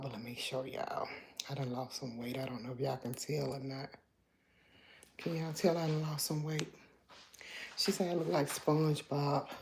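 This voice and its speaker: A woman hosting a casual morning livestream from home, greeting viewers by name and chatting with some sass, now and then dropping to a low voice. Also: darkish tone, a little hiss or hum. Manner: talks low at times so as not to wake the house. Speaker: livestream host.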